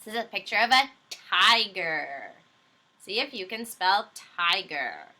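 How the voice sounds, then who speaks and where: A woman teacher walks young children through a phonics lesson, patient and encouraging. Her voice is very bright, and her pitch leaps around a lot. She talks slowly and stretches out each word and letter she spells. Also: big pitch swings.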